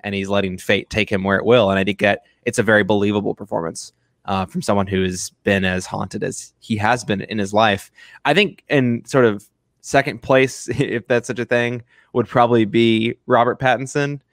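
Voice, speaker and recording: A film review podcast co-host chats casually about a movie, rambling loosely with lots of fillers and restarts and laughing often. His voice is fairly low and a bit bright, with fairly even intonation and a normal pace. The recording is dry and close, with no room sound.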